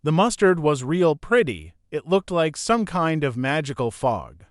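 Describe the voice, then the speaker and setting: A man reading a novel aloud as audiobook narrator, in a plain, steady first-person storytelling manner. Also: on the high side, a little slow, dry recording, clean studio sound.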